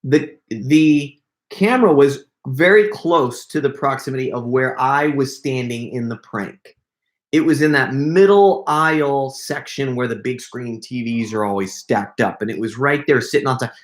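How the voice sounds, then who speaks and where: A middle-aged man hosting a casual live Q&A, telling stories in an excitable, rambling way full of quick asides. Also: medium pitch. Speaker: prank video creator hosting a live Q&A. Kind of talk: casual livestream chat.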